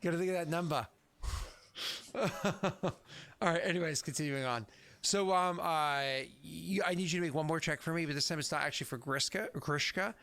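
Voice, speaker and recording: A man's voice: fairly high pitch, normal speed, a bit bright. A young man acting as game master in a tabletop game, chatty and jokey, laughing at his own bits. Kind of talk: running a tabletop game over stream.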